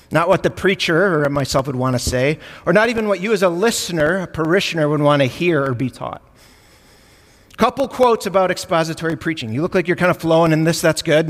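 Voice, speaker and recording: A man with a Midwestern Chicago accent preaches a sermon, keeping it conversational and joking with his congregation. His voice sits a little high for a man. The sound rings out with the long reverb of a church sanctuary. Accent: Midwestern American, Chicago area. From United States.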